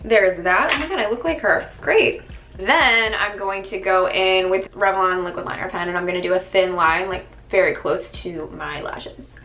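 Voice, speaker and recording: A woman's voice: mid-range voice, moderate pace, fairly bright tone. A woman beauty vlogger talking through a makeup tutorial in a chatty, exclamatory way. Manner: chatty and exclamatory, many fillers. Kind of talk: casual makeup tutorial chat. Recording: roomy echo.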